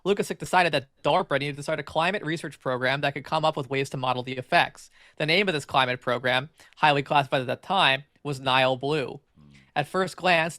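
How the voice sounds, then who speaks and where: Male podcast co-host reads an article aloud, brisk and gravelly, prone to restarts. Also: medium pitch, sharp tone, no room sound, clean studio sound. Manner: fast, filler-heavy reading with frequent stumbles and restarts.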